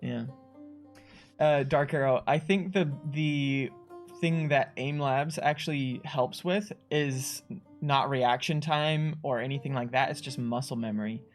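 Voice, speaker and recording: A man co-hosting a game studio livestream, chatting casually, laughing often and reading out viewer chat. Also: medium pitch. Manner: chatty, laughs often, animated when mimicking players. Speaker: streamer co-host reading chat.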